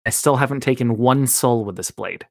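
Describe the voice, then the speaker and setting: A man takes part in a tabletop role-playing game and speaks as his character. His voice is middle-pitched and dry, and he is excitable and quick to react. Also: creaky, no echo. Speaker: player.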